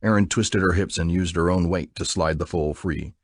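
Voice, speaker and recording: A man giving an expressive, dramatic audiobook narration. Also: low-pitched, normal speed, no echo, studio quality.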